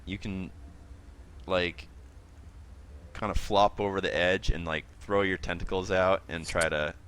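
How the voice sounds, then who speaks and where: A man with a low voice and a forceful, bright edge runs a tabletop game as game master. He talks in a loose, halting way, full of fillers, and calls for rolls. Faint noise sits under his voice.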